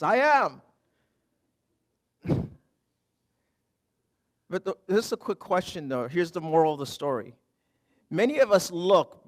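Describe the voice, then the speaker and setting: A middle-aged man, a pastor, preaching a conversational sermon, telling stories with humor and moving from quiet lows to loud emphatic highs. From Canada.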